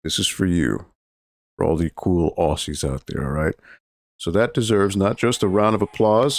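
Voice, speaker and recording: A man with a low, deep voice hosts a charity game stream in a relaxed, rambling way. He sounds close to a dry desk mic. He keeps pausing to thank viewers. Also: no echo. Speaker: charity livestream host.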